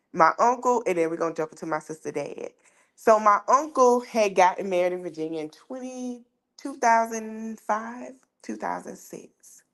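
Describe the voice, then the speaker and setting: A woman podcast host, telling a personal story in a casual, animated way that jumps high when she gets worked up.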